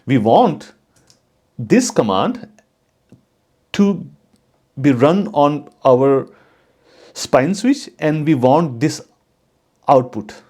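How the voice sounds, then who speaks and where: A man hosting his own channel, giving a casual, unhurried tutorial on coding for network engineers, with frequent fillers and restarts. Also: medium pitch, warm tone. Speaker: channel host teaching network automation.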